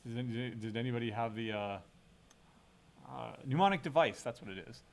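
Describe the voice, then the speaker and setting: A man's voice: mid-range voice, fairly quick, gravelly. A middle-aged man giving a casual university lecture, thinking aloud and checking in with frequent "right?" tag questions. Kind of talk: recorded classroom lecture.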